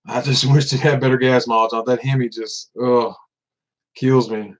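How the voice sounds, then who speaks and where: A man's voice: medium pitch, steady tone, normal speed. A man in his thirties from Tennessee with a Southern accent, chatting casually on a livestream, laid-back and often laughing, repeating words as he goes. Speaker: vlogger. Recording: dull lo-fi sound.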